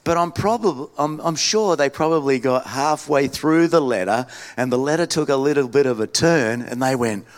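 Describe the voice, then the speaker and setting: A man with an Australian accent preaching a sermon in a relaxed, storytelling way, often restarting his sentences. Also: medium pitch, normal speed, few pauses. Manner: conversational, self-deprecating storytelling with frequent restarts. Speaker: pastor.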